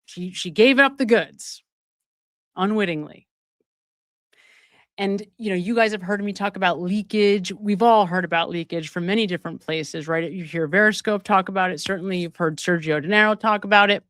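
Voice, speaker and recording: A woman's voice: medium pitch, normal speed, fairly bright tone, no room sound, clean studio sound. A woman hosting a true-crime commentary livestream, talking emphatically and often checking in with viewers through rhetorical questions. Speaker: show host.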